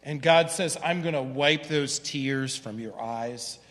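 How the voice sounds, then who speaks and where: A man's voice: medium pitch, slow pace, a bit bright, long reverb tail. A man preaching a sermon as pastor, in a conversational way, often checking in with "right?". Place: church sanctuary.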